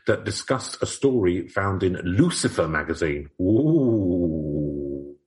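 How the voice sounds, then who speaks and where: Man with a lowish voice, joking podcast host. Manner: reads aloud from an old article in a mock old-fashioned voice. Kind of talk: casual comedy podcast chat.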